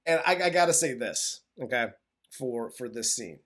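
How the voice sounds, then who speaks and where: A man from the United States co-hosting a film review podcast, recapping the plot in an excitable, profane way. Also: medium pitch, moderate pace. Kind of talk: casual chat.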